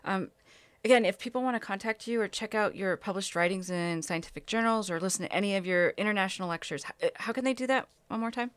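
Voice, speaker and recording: A woman's voice: mid-range voice, clean tone, no echo. Upbeat woman hosting an interview. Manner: upbeat, quick to react. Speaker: show host. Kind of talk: casual interview.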